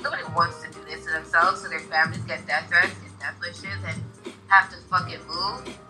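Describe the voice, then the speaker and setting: A woman's voice: fairly low pitch, fairly even intonation, normal speed, bright, forceful tone, soft background music, low-quality recording. A young woman in casual conversation, talking bluntly and heatedly and swearing freely.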